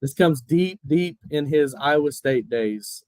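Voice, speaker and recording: A man's voice: on the high side, lively intonation, slow, darkish tone, no echo, low-quality recording. A man on a sports podcast panel, emphatic, who often stammers at the start of a sentence. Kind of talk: casual sports chat.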